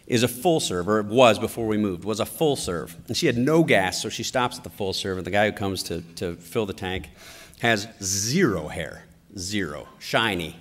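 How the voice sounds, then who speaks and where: A middle-aged man addresses a conference crowd, moving from family anecdotes into a political point. His pitch rises and falls in an animated, storytelling way. The voice carries a long reverb from the large hall. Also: normal speed. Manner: animated anecdotal delivery with acted quotes. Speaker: conference speaker.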